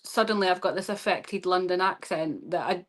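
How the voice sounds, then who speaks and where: A woman's voice: fairly low pitch, moderate pace. A woman hosting a podcast, chatting casually and encouraging her guest, laughing easily. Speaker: podcast host. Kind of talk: casual chat.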